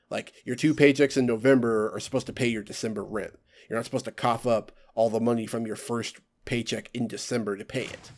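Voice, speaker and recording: A man's voice: medium pitch, darkish tone. A young man ranting casually to camera, exasperated and sarcastic, mimicking other people's voices when he quotes them. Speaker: vlogger. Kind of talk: casual rant.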